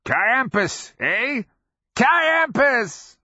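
A shrill unhinged mad sergeant. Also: male voice, sing-song, drawn-out words, sharp tone, dry recording, full character voice. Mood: manic. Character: cackling mad male sergeant, unhinged and gleeful. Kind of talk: audiobook character voice. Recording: slightly muffled dry recording.

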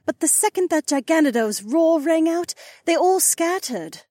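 An earnest young woman survivor, worried and practical, as a male narrator puts her on. The voice is pitched high with lively swings, close and dry. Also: normal speed, no room sound. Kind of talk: audiobook character voice.

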